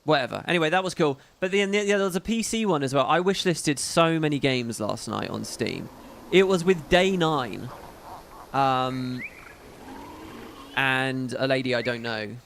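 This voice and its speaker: A man's voice: medium pitch, unhurried, vocal fry, fairly bright tone, a little hiss or hum. A man hosting a casual livestream, chatting in a rambling, profane way with frequent asides. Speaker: livestream host.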